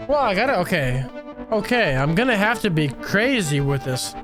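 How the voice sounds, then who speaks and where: A man playing a game on camera, reading its text aloud and joking as he picks answers. His voice sits high and moves around a lot. Game music plays clearly behind him. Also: sing-song, normal speed. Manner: reads game dialogue aloud, jokey. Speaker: gamer. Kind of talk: gameplay commentary.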